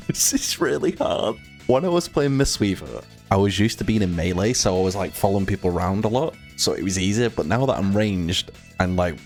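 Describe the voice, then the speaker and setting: A man giving live commentary while he plays, rambling and flustered and swearing often. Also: low voice. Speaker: gamer streaming his play.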